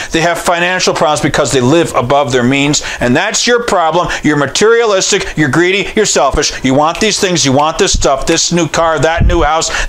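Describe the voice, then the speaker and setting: A man's voice: high voice, pushed and bright. A middle-aged man preaching a sermon in a direct, blunt, sometimes scolding way.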